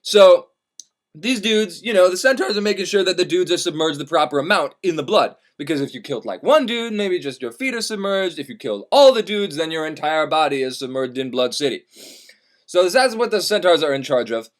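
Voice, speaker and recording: A man with a fairly high voice tells an old epic in a loose, irreverent way. He swears freely and throws in wry asides as he goes. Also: animated, fairly quick. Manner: casual, profane, wry asides. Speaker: storyteller. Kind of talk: irreverent comic retelling of a classic.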